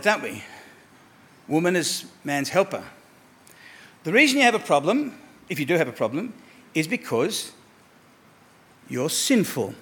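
A man preaching a sermon to his church, emphatic, repeating words for stress and moving between soft asides and raised declarations. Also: sits high, slightly rough. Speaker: pastor.

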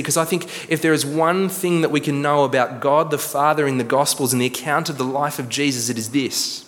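A man preaching a sermon as pastor, earnest, slowing for emphasis and repeating words. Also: mid-range voice, fairly bright tone, slight background noise. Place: church hall. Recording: long church reverb.

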